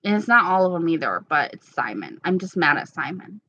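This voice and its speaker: A woman's voice: low voice, big pitch swings, a little fast, bright, forceful tone, dry recording, lo-fi sound. A woman casually chatting with her viewers, playful and gossipy, laughing often. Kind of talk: casual chat reading live comments.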